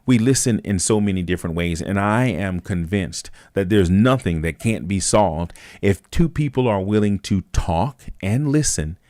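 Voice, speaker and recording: A man's voice: deep voice, animated, normal speed, hardly any pauses, darkish tone, dry recording, studio quality. A man hosting a live talk stream, speaking casually and thoughtfully, with frequent fillers and restarts. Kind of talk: casual reflective monologue.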